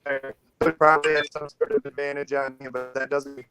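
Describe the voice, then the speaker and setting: A man's voice: mid-range voice, little pitch movement, fairly quick, pushed and bright, soft background music. A man joining a live-stream chat by phone, talking in a chatty, rambling way. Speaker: guest panelist. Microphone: phone on a video call.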